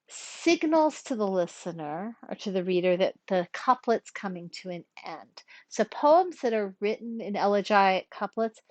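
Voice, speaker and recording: A woman teaching a lesson, explaining step by step in a clear, methodical way and reading verse lines slowly. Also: medium pitch, no echo. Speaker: Latin teacher. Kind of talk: recorded lecture.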